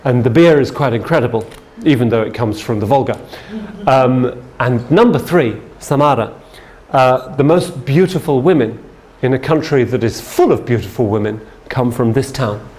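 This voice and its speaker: A man's voice: medium pitch, moderate pace, darkish tone. Man, sales trainer, storytelling lesson, chatty, checks in with listeners. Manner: chatty, keeps checking in with "yeah?".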